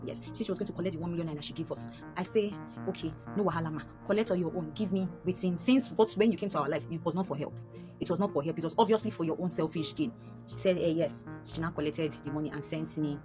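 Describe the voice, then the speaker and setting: Fast-talking Nigerian woman, music under. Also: low voice. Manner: animated, rising sharply when upset, repeating lines. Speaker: storyteller. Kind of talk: emotional personal storytelling.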